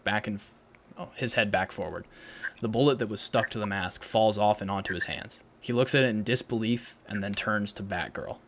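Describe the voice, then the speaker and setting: A man's voice: lowish voice, moderate pace, slight background noise. A man narrating stage directions in a live read of a fan audio drama, plain and matter-of-fact.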